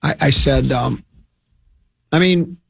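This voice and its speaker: A man's voice: fairly high pitch, takes it slowly, vocal fry. A man hosting a sports radio show, rambling and joking in casual studio chat, restarting his sentences often. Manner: rambling, jokey, full of restarts.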